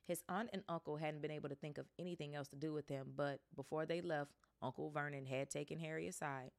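A woman reads a book aloud for her podcast in a low, gravelly voice. She reads casually and breaks off to chat about what she has read. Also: fairly even intonation, fast talker. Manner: chatty, breaks off to react. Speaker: podcast host reading aloud.

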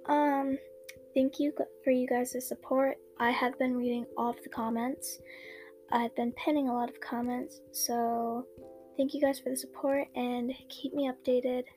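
A young woman with a fairly high voice chats casually with her listeners, hesitant and full of little ums. Music plays steadily behind her. Her reading is loose and unscripted. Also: level tone, a little slow, mellow. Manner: chatty, hesitant, lots of ums. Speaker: fan fiction storyteller. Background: background music.

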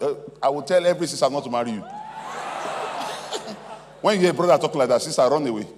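A medium-pitched man talks fast as he preaches a sermon as pastor in a large convention hall, emphatic and repetitive, urging the congregation to respond. The recording is reverberant with a faint hum.

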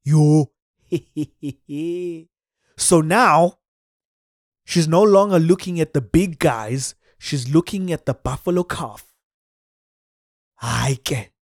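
Animated South African man telling a story. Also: on the high side, slow, pauses often, dry recording, clean studio sound. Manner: animated, mixes in Xhosa exclamations. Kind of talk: comic storytelling.

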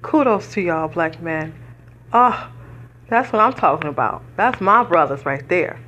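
An American woman hosting a podcast delivers earnest, preacherly personal commentary while fighting back tears. Her voice is fairly low, a bit bright, expressive and unhurried.

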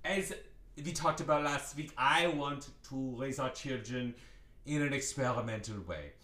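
A man co-hosting a comedy podcast, lecturing in a grandiose deadpan way and ending points with a questioning "yeah?". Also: medium pitch, a little slow, roomy sound, recorded from a distance. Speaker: podcast co-host.

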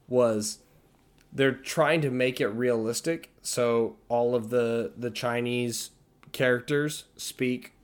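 A man co-hosting a podcast, talking casually with a rambling, enthusiastic delivery full of fillers. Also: mid-range voice. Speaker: podcast co-host. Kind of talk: casual chat.

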